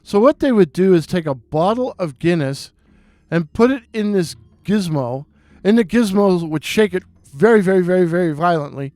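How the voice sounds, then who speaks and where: A man with a fairly high voice recalls an old memory at an easy, digressive pace. He talks casually, as if chatting with a friend. The recording is dry and close, with no room echo. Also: animated, a little mellow, faint music behind. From New York City. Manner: rambling, digressive, unhurried. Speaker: storyteller. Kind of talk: casual spoken reminiscence.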